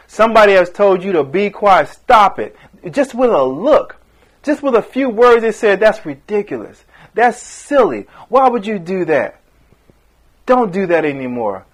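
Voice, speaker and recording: A man preaches with fervor, his voice sitting fairly high for a man. He swings between loud emphatic bursts and quieter, pressing questions, and now and then briefly acts out the people he quotes. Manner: impassioned, rising and falling emphasis with acted-out quotes. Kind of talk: sermon.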